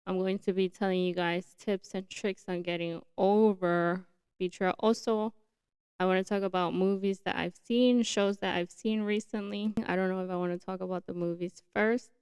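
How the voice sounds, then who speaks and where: A young woman hosting her own podcast on a new mic setup, chatting casually and excitably. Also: medium pitch, moderate pace, clean tone, dry recording. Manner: chatty, excitable, says like a lot. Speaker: podcast host. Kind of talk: casual solo podcast chat.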